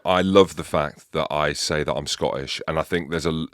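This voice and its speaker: A man's voice: very deep voice, steady tone, normal speed, no room sound, studio quality. A man hosting a podcast, chatting casually and swearing freely as he tells jokey stories. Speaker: podcast host. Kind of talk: casual chat.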